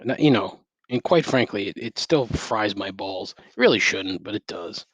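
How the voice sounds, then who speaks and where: An over-caffeinated middle-aged man rants alone on his podcast, full of sarcasm and constant swearing, using a gaming headset at home. His voice sits on the low side, a bit bright with a breathy edge, animated and at normal speed. No room sound can be heard.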